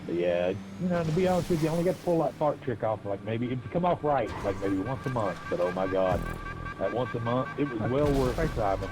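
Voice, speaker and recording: A man's voice: medium pitch, expressive, fast talker, noisy background. A man streaming a racing game, telling crude stories in a rambling, laughing way. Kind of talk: casual storytelling while gaming.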